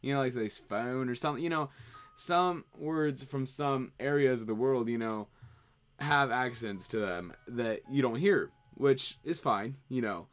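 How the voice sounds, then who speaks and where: A man's voice: medium pitch, unhurried. A man streaming, chatting casually and rambling as he answers viewer questions. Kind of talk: casual livestream chat.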